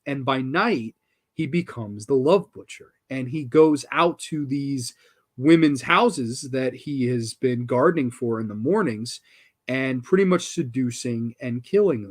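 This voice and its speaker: A man hosting a horror film review show, talking casually and enthusiastically, with casual swearing and lots of restarts. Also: medium pitch.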